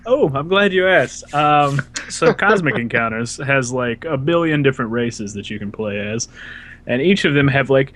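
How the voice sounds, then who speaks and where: A man's voice: mid-range voice, moderate pace, a little hiss or hum. A man co-hosting a casual gaming podcast, joking around and laughing often. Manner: jokey, laughs often, excitable. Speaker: podcast co-host. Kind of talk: casual chat.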